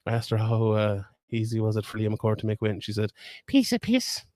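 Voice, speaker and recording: A man's voice: lowish voice, completely flat delivery, fast talker, warm tone, no room sound. A young man with a Limerick Irish accent, rambling and laughing as he hosts a casual live stream from a fight weigh-in. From Ireland. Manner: rambling, chatty, laughs often. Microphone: phone camera.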